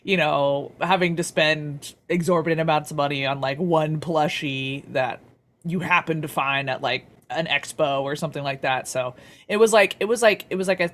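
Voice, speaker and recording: A young adult co-hosting a podcast in a casual, animated way, slangy and swearing freely. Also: mid-range voice, normal speed. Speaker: podcast co-host and streamer.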